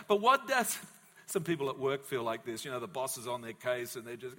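A male pastor preaching a sermon in a long, reverberant church hall. He is animated and jumps in and out of the voices of the people in his story. His pitch sits in the middle for a man. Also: normal speed.

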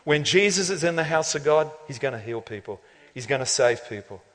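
A man preaching a lively, joking sermon as pastor of a church, laughing often and building to loud climaxes. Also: fairly high pitch, a little fast. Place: church auditorium. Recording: long reverb of a large hall.

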